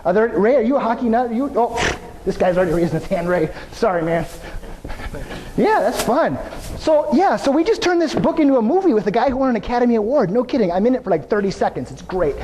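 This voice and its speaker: Keynote speaker, male, high voice, lively storyteller, hall reverb. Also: fast, a little hiss or hum. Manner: energetic storytelling with asides to the audience. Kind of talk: live motivational keynote speech. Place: large venue before an audience.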